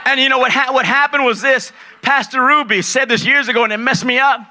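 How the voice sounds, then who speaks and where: Male pastor, shouted revival sermon, very high voice, very bright and forceful, acts out his stories. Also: fairly quick, slight background noise. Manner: loud, excitable, swings between shouting and low asides. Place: large church hall at a conference.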